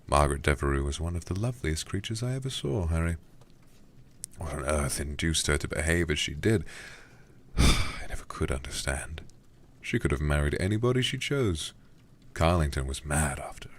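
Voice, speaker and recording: A man voicing a gruff, gossipy old English lord in a whispered role-play reading. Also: very deep voice, lively intonation, normal speed, heavily acted. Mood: grumbling. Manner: blustering, gossipy and complaining. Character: gruff, grumbling old English lord, a young man's uncle.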